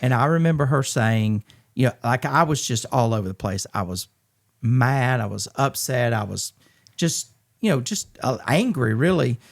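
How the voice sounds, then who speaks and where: A middle-aged man from Georgia in the US, speaking as a podcast guest. His mid-range voice has a gravelly edge. He tells his story candidly and earnestly, often stopping to restart a thought. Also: medium pitch, animated. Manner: earnest, halting, frequent restarts and fillers.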